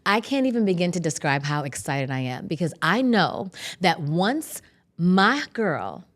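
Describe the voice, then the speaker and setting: A woman's voice: on the low side, big pitch swings, measured pace. A woman hosting a business podcast, bubbly and playful in a casual interview. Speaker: podcast host.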